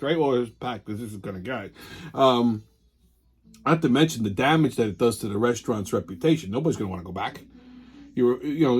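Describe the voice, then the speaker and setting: New guy hosting his show, swearing nonstop, high voice that jumps all over. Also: a bit bright. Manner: angry, profane, ranting. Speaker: show host. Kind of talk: profane rant commentary.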